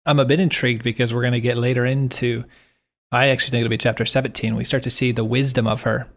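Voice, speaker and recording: A man's voice: medium pitch, flat delivery, fast talker. Wry man chatting about a book. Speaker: podcast co-host. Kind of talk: casual book discussion.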